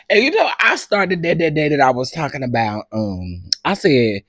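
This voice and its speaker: A man's voice: medium pitch, a bit bright, no echo. Giggly man in casual commentary. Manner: laughing fits, drawn-out teasing, slangy. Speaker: commentary host.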